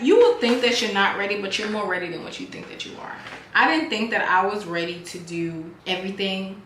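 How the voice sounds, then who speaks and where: A woman's voice: medium pitch, slight background noise. A woman, chatting casually with her viewers while doing her makeup. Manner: chatty, animated, talks to viewers like friends. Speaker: beauty vlogger and business owner. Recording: echoey room, faint music.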